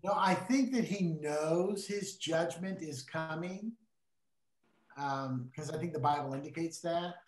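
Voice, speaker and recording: A man's voice: a little high, unhurried. A middle-aged man teaching in a casual Bible discussion, earnest and emphatic like a preacher. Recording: roomy echo.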